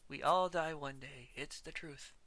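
A woman's voice: low voice, measured pace, a bit bright. A young woman streaming a game, chatting playfully and giggling often. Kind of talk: casual let's-play chat. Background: game music.

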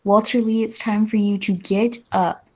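A woman student voicing a weary young mother from a play, reading her lines aloud in class in a halting, plain way. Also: medium pitch, level tone, darkish tone, natural voice. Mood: urging.

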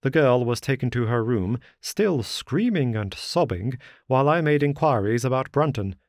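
A man narrating a classic detective story as an audiobook, in a measured storytelling manner. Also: medium pitch, animated, no room sound, clean studio sound. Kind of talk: scripted narration.

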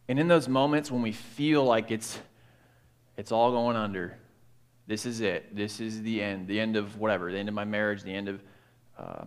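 A man preaching a sermon as pastor, in a casual, animated way, often saying "like" and "right?". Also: on the low side. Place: church.

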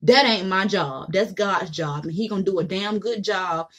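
A woman's voice: mid-range voice, normal speed, fairly bright tone. Blunt, profane woman vlogger ranting. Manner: blunt, profane, mocking voices she imitates. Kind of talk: opinionated monologue to camera.

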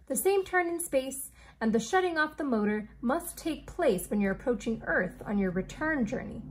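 A woman reading aloud as an eccentric male inventor who speaks in a formal, old-fashioned, deliberate way. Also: high-pitched, expressive, slight background noise.

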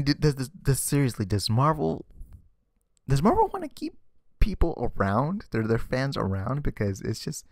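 A man's voice: mid-range voice, a little mellow, no room sound, clean studio sound. A man ranting sarcastically in a casual vlog commentary, exasperated and often stammering and repeating words. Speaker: vlogger. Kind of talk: ranting comic book commentary.

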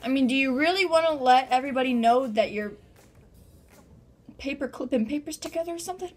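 A woman's voice: high voice, fairly quick, a little mellow, soft background music. A young woman chatting casually as a vlogger, bubbly and giggly with lots of filler words. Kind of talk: casual vlog chat.

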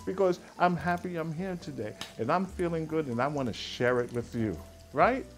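A man's voice: a little high, expressive, moderate pace, soft background music. Chatty, playful man hosting a cooking show. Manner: chatty and playful, hums and chuckles while cooking. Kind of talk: casual cooking demonstration.

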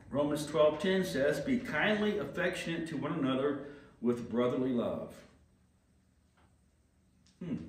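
A male pastor preaching a sermon in a chatty way, asking the congregation questions and briefly acting out what people say. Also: medium pitch. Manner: conversational, acts out quick voices and asks the room questions. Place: church sanctuary. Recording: very echoey church hall, mic at a distance.

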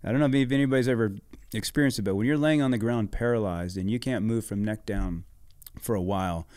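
A man's voice: lowish voice, fast talker, darkish tone, dry recording, clean studio sound. A middle-aged man telling a story in casual podcast chat, laid-back and swearing freely. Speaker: podcast guest, former motocross racer.

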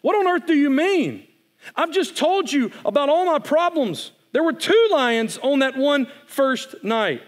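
A man voicing a frightened young boy in a story read aloud from the pulpit, high and strained. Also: lively intonation, a little slow. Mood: indignant. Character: frightened young boy, pleading and self-pitying.

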